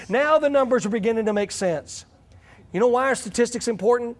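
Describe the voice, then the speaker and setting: Brief: middle-aged man with a high voice, folksy joking teller of anecdotes in a talk to church leaders. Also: a little fast. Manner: folksy, humorous storyteller. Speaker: church growth speaker.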